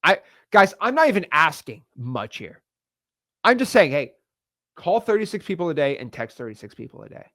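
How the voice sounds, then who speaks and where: A young man coaching real estate wholesaling in an energetic online course style, hyped and slangy with rapid repeated words. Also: on the high side, no echo, studio quality.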